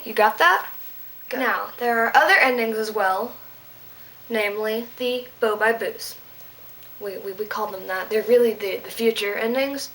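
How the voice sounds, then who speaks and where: A woman tutoring Latin in a casual home video, her voice sitting a little high. She keeps things playful with goofy asides and jokes at her own expense. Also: a bit bright, poor audio.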